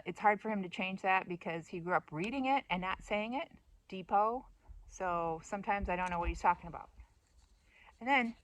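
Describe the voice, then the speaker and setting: A woman's voice: medium pitch, fairly bright tone, no room sound. A middle-aged American woman talking in a casual monologue, playful and self-mocking, rambling with fillers. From United States. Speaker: vlogger.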